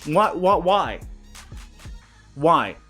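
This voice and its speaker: A man's voice: fairly high pitch, very animated, drawn-out words, bright, forceful tone, slightly rough, faint music behind. A man hosting his channel, ranting in indignant outrage, swearing often and stumbling over repeated words. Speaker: channel host. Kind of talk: angry commentary rant.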